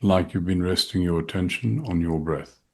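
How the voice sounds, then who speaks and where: A middle-aged man, a shaikh, speaking slowly and softly as he leads a guided meditation and dhikr. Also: low voice. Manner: slow, soft-spoken, calm guiding voice.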